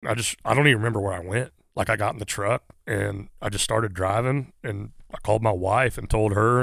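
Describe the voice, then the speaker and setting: A man speaks in a lower register, recounting events in an earnest, halting way. His sound is close and dry, with no room in it. He talks casually, as if to a friend across the table. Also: gravelly, no room sound. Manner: halting, many "uh" fillers, earnest. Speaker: guest, firefighter. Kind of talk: casual conversational storytelling.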